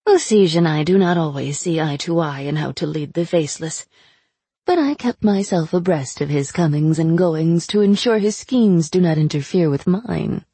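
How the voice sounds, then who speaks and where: A woman voicing a cruel, sly chained sorceress who mocks her captor in a slow, drawn-out way. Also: deep voice, expressive, mellow, slightly rough, no room sound, full character voice. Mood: taunting. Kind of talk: audiobook character voice.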